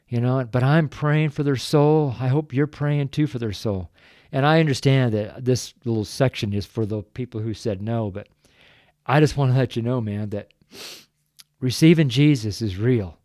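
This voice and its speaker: Older male preacher, earnest folksy delivery, dark warm tone. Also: mid-range voice, dry recording, clean studio sound. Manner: earnest, folksy, breaks into chuckles, gets choked up. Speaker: street preacher. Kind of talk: evangelistic sermon.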